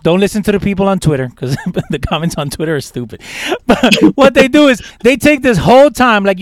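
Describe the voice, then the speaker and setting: Young guy on a podcast going off on a rant, high voice, dry close sound. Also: dry recording. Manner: ranting, emphatic, repeats words. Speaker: podcast co-host. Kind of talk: casual chat.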